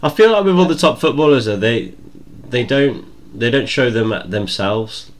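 A man's voice: medium pitch, expressive, moderate pace. A young man co-hosting a casual podcast over a video call, blunt and sweary in his banter. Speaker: podcast co-host. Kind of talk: casual chat.

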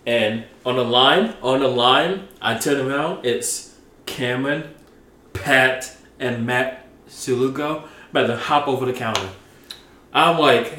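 An animated young man, a podcast co-host, tells a story in a casual chat and acts out the quotes. He has a mid-range voice and speaks at a slow pace. The room echoes, with faint noise in the background.

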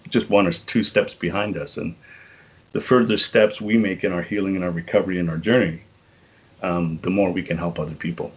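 A middle-aged man telling a personal story as a podcast guest, earnest and halting, often repeating words and saying "you know". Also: deep voice, fairly even intonation, slightly rough, lo-fi sound.

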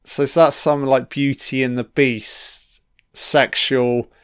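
A man talks slowly and deliberately through a film commentary. He swears freely and heckles the characters. His throat is slightly croaky, yet the voice stays smooth and clear, and it sounds close and dry. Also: mid-range voice, flat delivery, no echo. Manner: profane, talks back at the screen.

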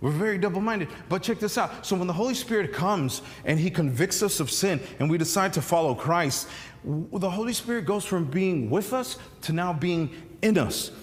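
A man preaching in a relaxed, storytelling way, often restarting his sentences as he goes. His voice sits a little higher than most men's, and it rings out with a long reverb from the church sanctuary around him. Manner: conversational storytelling preacher, many restarts and fillers. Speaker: pastor. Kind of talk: sermon.

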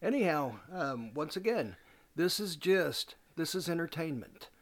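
A man's voice: a little high, very animated, a little slow. A man co-hosting a podcast, telling a crude prank-call story in a rambling, profane way. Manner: profane, rambling, acts out shouting callers. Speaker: podcast co-host.

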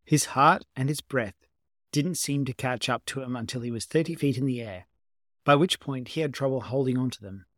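A man narrating a story in a calm, even manner, his pitch sitting in the middle. The sound is dry and close with no room around it. It feels like an amateur reading at home. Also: normal speed, no room sound. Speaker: amateur reader. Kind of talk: audiobook narration of fan fiction.

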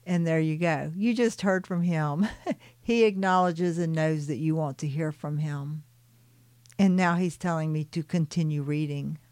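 A woman reading a channeled spiritual story aloud and adding her own reflective, soft-spoken commentary with light laughs. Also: sits low, unhurried, no echo.

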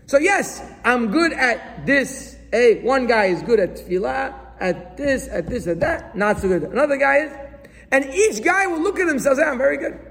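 A man giving an animated sermon, as a rabbi to a live audience, acting out questions and excuses. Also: very high voice, normal speed, gravelly. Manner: animated, acts out questions and excuses in different voices. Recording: long hall reverb.

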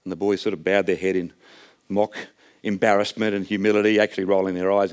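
A man's voice: low voice, level tone, a little fast, clear, resonant tone. A man preaching a sermon in a conversational, storytelling way, often restarting his phrases. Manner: conversational, storytelling, self-correcting.

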